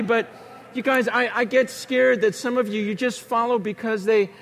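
Animated, high-voiced male preacher. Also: normal speed, slight background noise. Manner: animated storytelling with acted-out voices and sudden shouts. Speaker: pastor. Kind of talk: sermon.

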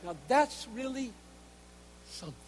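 A male preacher with a strikingly high voice delivers an earnest sermon. He drops to hushed tones and then presses his points with force. A long hall reverb trails after his words. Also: lively intonation, a little slow. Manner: earnest, emphatic, shifts between hushed and forceful.

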